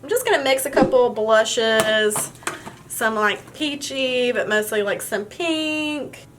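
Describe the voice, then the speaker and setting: A woman's voice: fairly high pitch, slow, music in the background. A young woman telling a story in a casual vlog while doing her makeup, chatty and full of fillers. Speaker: beauty vlogger.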